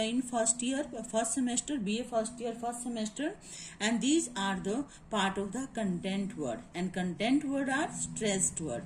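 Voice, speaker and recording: In a classroom lecture, a woman with an Indian English accent teaches grammar, going over points again and checking with "is it clear?" that students understand. Her voice is on the high side. The recording is low quality, with a little hiss or hum.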